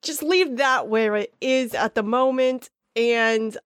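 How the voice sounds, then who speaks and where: A woman's voice: fairly high pitch, slow, smooth, dry recording, clean studio sound. A woman playing a character in a tabletop game, joking and slangy. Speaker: player. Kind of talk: casual role-play as player.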